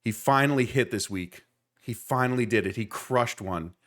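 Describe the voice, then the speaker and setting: A man co-hosting a podcast, a youth baseball coach who tells stories in an animated, joking way. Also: mid-range voice, normal speed. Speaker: podcast co-host. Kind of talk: casual chat.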